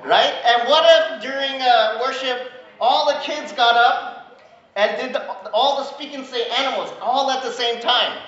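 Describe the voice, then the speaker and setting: A woman pastor giving a lively, playful sermon to the congregation in a church. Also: high-pitched, measured pace. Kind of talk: sermon with children's activity. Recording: echoey, dull church sound.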